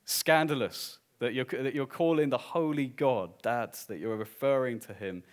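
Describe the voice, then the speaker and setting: A man preaching a sermon as pastor, swinging from hushed, drawn-out lines to loud, emphatic declarations. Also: medium pitch.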